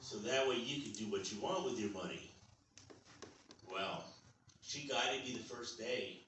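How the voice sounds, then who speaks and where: A man's voice: medium pitch, measured pace, a bit bright, a little hiss or hum. Older stand-up comic in his sixties, rambling storyteller, echoey club from far off. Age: 60s. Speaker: stand-up comedian. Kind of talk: stand-up comedy set.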